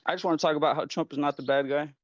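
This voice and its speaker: A man calls in to a talk stream and argues earnestly, talking quickly over the host. His voice sits fairly high. The line sounds dull and lo-fi but dry, with no room echo. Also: fairly even intonation. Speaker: caller. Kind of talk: call-in debate. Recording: dull, lo-fi call audio.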